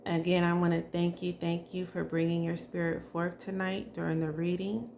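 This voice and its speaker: A woman doing a psychic spirit reading, speaking softly and emotionally and addressing the spirit directly. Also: lowish voice, flat delivery, normal speed, vocal fry, slight background noise. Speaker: psychic reader.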